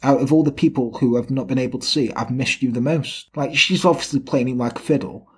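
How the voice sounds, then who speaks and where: A man's voice: mid-range voice, a little fast, fairly bright tone, breathy edge. A man casually tells a true crime story on a podcast, swearing a lot and acting out what the people in it said. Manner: swears often, acts out quotes of the people in the story.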